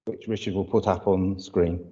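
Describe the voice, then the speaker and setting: A man's voice: deep voice, fairly even intonation, moderate pace, warm tone, slightly rough. A man with a British accent leading a church livestream, chatty and greeting viewers by name, with a touch of hay fever. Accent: British English. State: hay fever, runny nose. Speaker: church service leader. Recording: dull lo-fi livestream audio.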